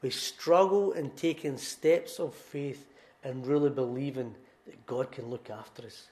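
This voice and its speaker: A man's voice: mid-range voice, measured pace, dark tone. A middle-aged man with a Scottish accent, preaching a sermon in an earnest, emphatic storytelling way and repeating key phrases. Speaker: pastor. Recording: echoey room.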